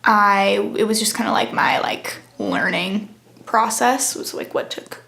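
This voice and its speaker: A woman's voice: mid-range voice, expressive, unhurried, creaky, sharp tone, in a whisper. A young woman co-hosting a student podcast, telling a long story in a casual chatty way with many fillers. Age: young adult. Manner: rambling storytelling with frequent fillers. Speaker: podcast co-host. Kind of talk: casual chat. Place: campus studio.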